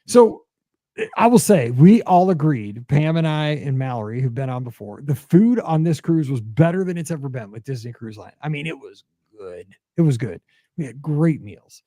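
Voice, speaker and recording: A man in his forties hosts a podcast in a loose, chatty way, and his voice sits fairly high. He pads his stories with fillers and jumps up sharply in pitch when excited. The sound is dry and close to the mic. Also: normal speed, no room sound. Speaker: podcast host. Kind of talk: casual chat.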